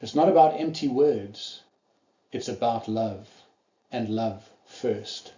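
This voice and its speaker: A man preaches a sermon, retelling the story earnestly and giving the quoted lines a little voice of their own. His tone is mellow and warm. The recording sounds slightly dull and carries the echo of a roomy church hall. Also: medium pitch, takes it slowly.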